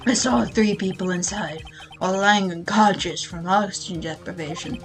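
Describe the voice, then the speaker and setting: A woman's voice: mid-range voice, normal speed, pitched below the performer's own voice, close to an everyday voice, rough recording. Girl doing a vengeful old prosecutor guy, bellowing, faint music behind. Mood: grim, brooding. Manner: bellowing threats. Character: ruthless old male prosecutor, vengeful and furious.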